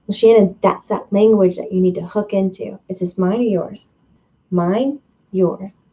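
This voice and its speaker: A woman's voice: medium pitch, steady tone, measured pace, dark tone, dull audio. Chatty, laughing woman on a live stream. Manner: laughs often, playful and chatty; reads viewer comments aloud. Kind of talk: casual live-stream talk.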